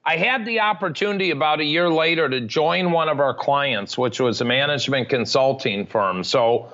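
A man's voice: medium pitch, moderate pace, fairly bright tone, lo-fi sound. A man telling his life story frankly and matter-of-factly as a podcast guest. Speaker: podcast guest, recovery advocate. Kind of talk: candid storytelling interview.

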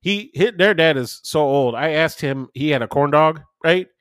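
A man's voice: a little high, moderate pace, smooth, no room sound, clean studio sound. A man in his thirties, a podcast co-host, telling stories in casual chat and swearing freely. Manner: animated storytelling, swearing, acting out voices in quotes.

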